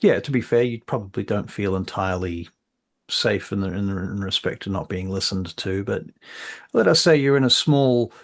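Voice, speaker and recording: A man running a tabletop game, narrating softly with frequent fillers and restarts. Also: fairly low pitch, moderate pace, creaky. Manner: hesitant, filler-heavy, soft narration. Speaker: game master.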